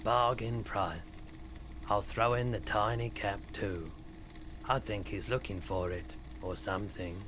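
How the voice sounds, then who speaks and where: A chatty, offhand street trinket seller in a video game, voiced by a man. His voice sits slightly low, and he pitches his wares casually. Clear ambient noise runs under the dialogue. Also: unhurried, close to an everyday voice. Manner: offhand salesman patter.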